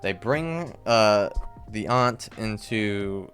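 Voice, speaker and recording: A man's voice: fairly low pitch, lively intonation, a bit bright, faint music behind. A young man casually reviewing a TV episode, rambling with lots of fillers and sudden exasperated outbursts. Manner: rambling, frequent "like" and "I guess"; quick jumps to exasperated outbursts. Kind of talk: casual solo commentary.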